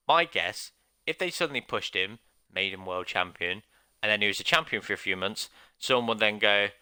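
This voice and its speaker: A male game streamer with a very bright, pointed voice pitched on the low side. He rambles casually and gives his opinions, dotting his talk with fillers. The sound is close and dry. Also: normal speed, clear, resonant tone, no echo.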